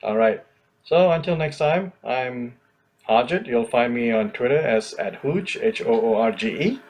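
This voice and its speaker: A man with a husky, slightly raspy voice at a middle pitch, co-hosting a casual podcast. He talks in a relaxed way, pausing and hedging often. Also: dull audio. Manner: relaxed, hesitant, full of fillers. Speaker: podcast co-host. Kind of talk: casual chat.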